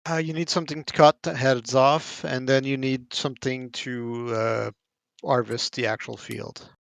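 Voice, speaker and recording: Man, gravelly voice, short helpful replies, casual gamer. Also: mid-range voice, flat delivery, measured pace, no echo. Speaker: roleplay player. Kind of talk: casual gaming chat.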